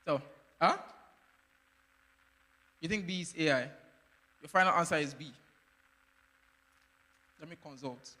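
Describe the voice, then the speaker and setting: A man's voice: fairly high pitch, measured pace, long pauses, sharp tone. A man hosting a playful live quiz at a workshop, teasing the teams and laughing often. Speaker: quiz game host at a workshop. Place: event hall. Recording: long hall reverb.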